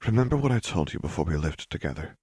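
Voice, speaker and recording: A man reading a story, voicing a gentle young woman who softly reassures her partner. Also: low voice, sing-song, fast talker, slightly rough, dry recording, heavily acted. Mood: coaxing. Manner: soft, coaxing, reassuring.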